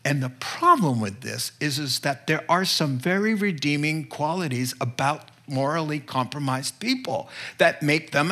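Conversational pastor preaching. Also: male voice, sits high, sharp tone. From northeastern United States. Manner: conversational, candid, checks in with listeners often. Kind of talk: sermon.

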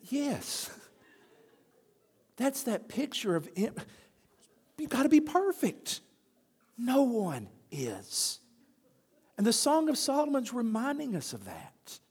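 A man's voice: very high voice, slow pace, pauses often, breathy edge, big-room sound. A man preaching a sermon, telling stories and acting out the voices of the people in them. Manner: animated storytelling, acts out quoted voices. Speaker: pastor.

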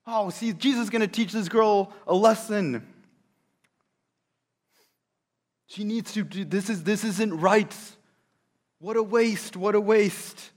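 A male preacher voicing self-righteous male religious elders who loudly agree with the complaint. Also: sits high, unhurried, pitched above the performer's own voice. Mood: scornful. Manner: loud, mocking, self-righteous.

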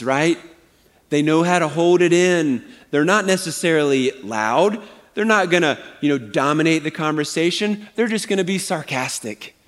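A man preaching a sermon as pastor, conversational and animated, often asking his congregation "right?". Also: on the high side. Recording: long hall reverb.

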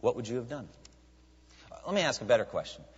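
A man preaching a sermon as a pastor, animated, with many rhetorical questions. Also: medium pitch, brisk, husky. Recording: dull lo-fi sound with long hall reverb.

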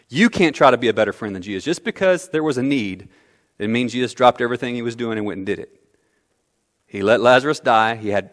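A man preaching a sermon as pastor, animated, swinging from quiet asides to loud outbursts. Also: medium pitch. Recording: long hall reverb.

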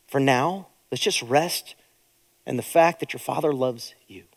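A man's voice: mid-range voice, a little slow, vocal fry. Earnest male pastor in a hall. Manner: earnest and consoling, with soft, hushed emphasis. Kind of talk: sermon.

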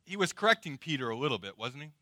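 Expressive preaching man, dry close sound. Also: mid-range voice, rapid-fire, no echo. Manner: dramatic, swings from loud to hushed. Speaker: pastor. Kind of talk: sermon.

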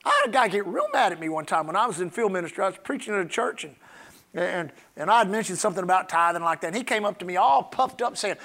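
A man preaching a sermon as pastor, slowing down to stress scripture and rising into shouts. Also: high voice, very animated, vocal fry. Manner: preaching with emphatic, drawn-out scripture lines.

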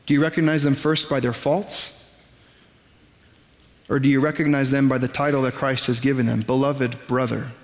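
A man preaching a sermon in a conversational, self-deprecating way, with quick asides to the congregation. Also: medium pitch, little pitch movement, in a large hall. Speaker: pastor. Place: church sanctuary.

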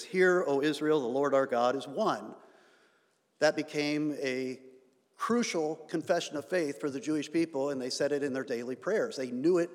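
Pastor, man, sermon delivery, slightly high voice, long church reverb, emphatic builds. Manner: rising emphatic delivery with sarcasm. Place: church sanctuary.

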